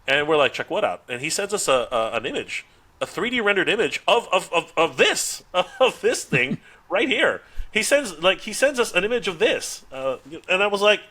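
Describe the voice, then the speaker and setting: A man's voice: on the high side, a little fast. A man on a podcast, chatting casually and telling a story, acting out the dialogue with frequent laughs and restarts. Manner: animated, acts out quoted dialogue, laughs often, frequent restarts. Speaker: podcast guest, toy YouTuber.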